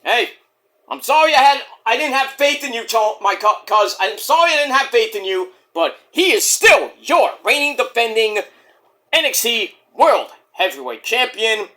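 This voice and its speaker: A man talks through a wrestling event in a casual review vlog, ranting and cursing as he goes. His voice is bright and forward, and his pitch jumps up and down a lot. He slips into quoted voices of the people he describes. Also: expressive, normal speed. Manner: profane, ranting, acts out quotes.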